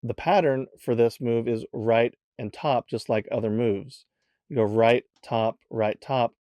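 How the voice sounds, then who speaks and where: Mellow-voiced man teaching a puzzle. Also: medium pitch, steady tone, no room sound. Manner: casual, counts moves aloud slowly. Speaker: tutorial host. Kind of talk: step-by-step puzzle tutorial.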